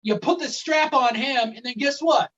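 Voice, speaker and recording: A man's voice: very high-pitched, moderate pace, a bit bright. A man on a casual wrestling podcast, ranting with lots of swearing. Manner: profane, rambling rant. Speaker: podcast co-host. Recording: dull sound, a bit off-mic.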